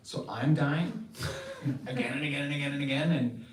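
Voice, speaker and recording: A man's voice: medium pitch, moderate pace, voice pushed up, lightly acted. A man voicing a fiery, suspicious goddess who demands answers from her husband, in a roomy space from a distance. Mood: indignant. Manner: indignant, demanding. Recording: roomy, distant mic, faint noise.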